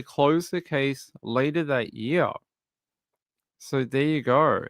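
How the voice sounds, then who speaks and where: A man's voice: medium pitch, slow, no echo. An Australian man hosting a true crime livestream, reading out case details and then chatting loosely with viewers in a rambling way. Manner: rambling, reads news aloud then chats to viewers. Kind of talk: casual livestream commentary.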